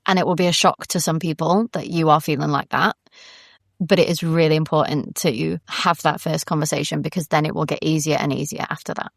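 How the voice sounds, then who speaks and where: A woman's voice: low-pitched, fairly even intonation, brisk, vocal fry, no room sound, clean studio sound. A woman, a podcast guest talking earnestly and reflectively about faith, often restarting her sentences. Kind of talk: candid faith conversation.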